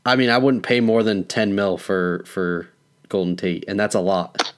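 A man's voice: on the low side, fairly even intonation, moderate pace, a little hiss or hum. Laid-back young man talking sports. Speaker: podcast co-host. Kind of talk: casual sports chat.

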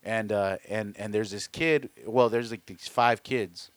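A man's voice: on the low side, unhurried, no echo. A man telling a story in casual chat, swearing freely and acting out what people said. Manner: animated, profane storyteller who acts out quotes; frequent restarts and fillers.

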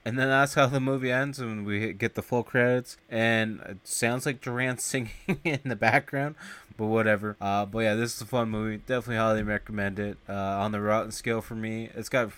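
A man hosts a casual movie podcast, talking at an easy, ordinary pitch. He recaps in a loose, rambling way with plenty of filler words. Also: steady tone, a little fast, a bit bright, smooth, no echo. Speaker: podcast host.

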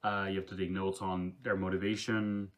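A man who runs tabletop games, talking casually in a halting way with restarts and soft laughs. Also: low-pitched, flat delivery. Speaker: game master. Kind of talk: casual podcast chat.

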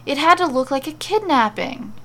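A woman's voice: high voice, lively intonation, normal speed, pushed and bright, pitched above the performer's own voice. A woman voicing a confused, nervous blond warrior man who explains himself with frustrated emphasis.

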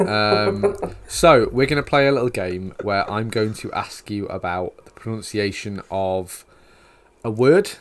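Rambling Yorkshire man, low voice. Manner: rambling, many "like" fillers, teasing. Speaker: podcast host. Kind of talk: casual podcast chat.

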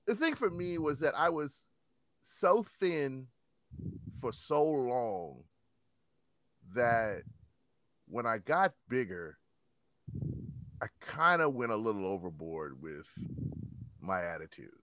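A man in his thirties telling rough stories in casual chat, swearing and acting out quotes in a higher voice. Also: slow, pauses often, no room sound, clean studio sound. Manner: animated storyteller, swearing, acts out quotes in higher voice.

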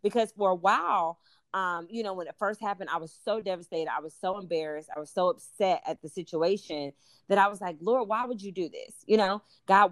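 A young adult woman, a podcast guest, telling her story in casual talk, animated and full of "you know" and "like". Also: lowish voice, no room sound. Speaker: podcast guest, law student. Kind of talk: casual faith interview.

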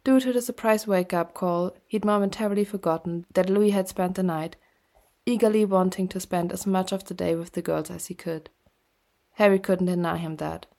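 Woman with a gravelly low voice reading. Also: dark tone. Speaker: podfic reader. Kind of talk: scripted narration.

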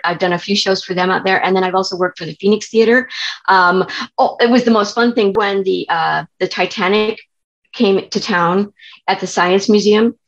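A woman's voice: medium pitch, fairly even intonation, normal speed. Chatty woman theater director, lo-fi sound. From California. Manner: chatty, many restarts and fillers. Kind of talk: interview storytelling.

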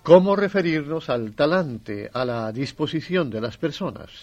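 A man hosting a language lesson, explaining clearly and instructively. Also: on the high side, lively intonation, moderate pace, a little mellow, lo-fi sound, soft background music. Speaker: host.

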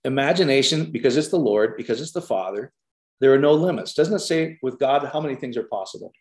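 A man preaching an informal sermon, telling stories in an animated way with lots of fillers. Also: mid-range voice, quick pace. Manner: animated storytelling with many fillers. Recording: roomy echo.

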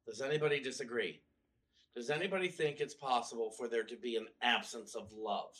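Far from the mic in a church, a male minister with a medium-pitched, fairly bright voice speaks fairly quickly. His sermon is conversational and story-driven, laced with wry humor, and he often restarts his sentences.

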